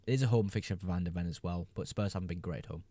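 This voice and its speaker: Mellow-voiced man on a casual live stream. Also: low-pitched, no echo. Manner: reads viewer questions aloud and answers quickly, laughing often. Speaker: fantasy football streamer.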